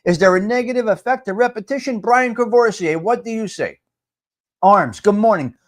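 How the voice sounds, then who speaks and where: An older man hosting a live morning talk stream. He talks loudly and emphatically, greets chat viewers by name and repeats his points for effect. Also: high voice, expressive, normal speed. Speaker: livestream host.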